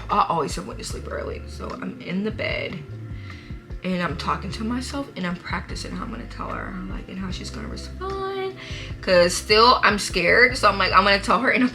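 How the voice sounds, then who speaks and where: A young woman, chatting and laughing through a dramatic story while doing her makeup. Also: mid-range voice. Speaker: vlogger. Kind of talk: get-ready-with-me story time.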